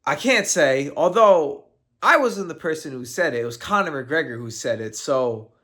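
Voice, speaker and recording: A man's voice: on the high side, expressive, normal speed, pushed and bright. A man commenting on combat sports in a casual fight breakdown, joking and laughing often.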